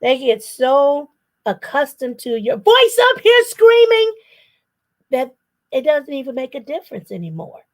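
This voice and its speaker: A middle-aged woman with a high voice leads a parenting talk as a psychotherapist. She tells personal stories in an animated way and acts out the voices she quotes. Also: measured pace. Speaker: psychotherapist and guest speaker.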